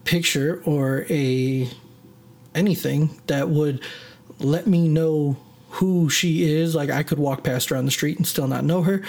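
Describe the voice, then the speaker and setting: A man's voice: on the high side, a little mellow. A man hosting his own podcast, telling a personal story in a rambling, self-deprecating way that keeps drifting off on tangents. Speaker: podcast host. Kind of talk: casual solo storytelling.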